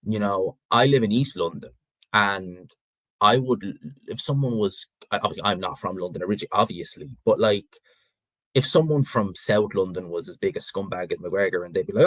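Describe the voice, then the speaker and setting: A man's voice: on the low side, normal speed, fairly bright tone, no room sound, poor audio. A man with a North Dublin Irish accent, hosting a boxing channel and chatting casually through viewer questions with frank opinions. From Ireland. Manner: frank and opinionated, rambling with restarts.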